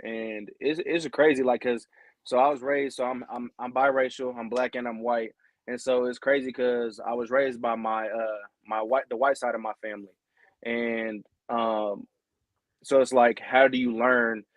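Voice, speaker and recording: A man's voice: mid-range voice, fairly even intonation, moderate pace, no echo. Talk it through loosely and earnestly as a young guy on a podcast, voice dry and close. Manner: rambling, peppered with "you know what I mean"; earnest and heartfelt. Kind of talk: casual podcast chat.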